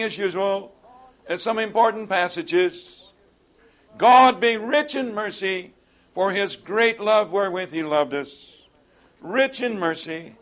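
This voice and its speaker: A man's voice: sits high, fairly bright tone. A man teaching a Bible study in an earnest lecturing way, often asking rhetorical tag questions of his listeners.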